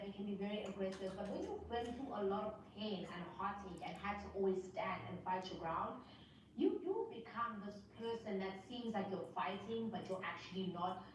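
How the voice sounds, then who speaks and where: A woman hosting a live stream, giving sassy, teasing, animated commentary and often laughing. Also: medium pitch, distant mic, a little hiss or hum. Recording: echoey room, away from the mic.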